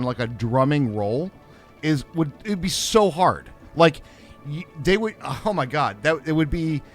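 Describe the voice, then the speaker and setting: A man co-hosting a gaming livestream, chatting casually in a rambling, jokey way. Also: medium pitch. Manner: animated, rambling, jokey asides. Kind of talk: casual chat while playing.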